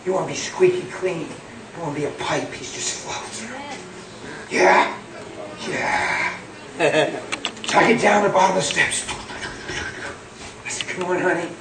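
A preacher telling a testimony in a sermon, animated and laughing, dropping to a hush and then rising to a shout. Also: medium pitch, measured pace, long pauses. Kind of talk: sermon storytelling. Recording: echoey hall, mic at a distance. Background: audience and room noise.

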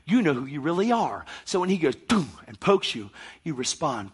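A male preacher delivering a fervent sermon, acting out scenes and swinging between shouting and near-whispers. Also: fairly high pitch, sing-song, moderate pace.

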